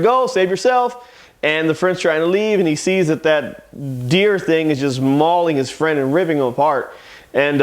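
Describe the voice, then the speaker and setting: A man who owns a comic shop and hosts a casual review show, loosely retelling comic plots. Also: on the high side. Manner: loose, rambling plot retelling. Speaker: comic shop owner and host.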